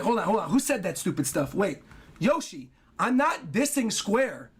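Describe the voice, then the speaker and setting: A man with a high, hoarse voice that sounds worn out from talking. He rambles excitably through a casual livestream, reading donations and breaking off to talk to his dog. It has the loose feel of someone chatting at home.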